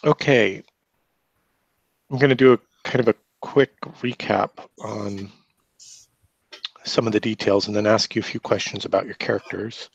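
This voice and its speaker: A man's voice: fairly low pitch, steady tone, moderate pace, vocal fry, long pauses, husky, no echo, muffled recording. A man running an online tabletop game as game master over a video call. He recaps in a loose way and corrects himself as he goes.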